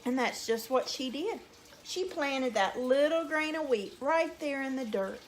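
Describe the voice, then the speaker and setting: A teacher reading a folk tale aloud to young children, animated and drawn out. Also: female voice, sits high, a little slow.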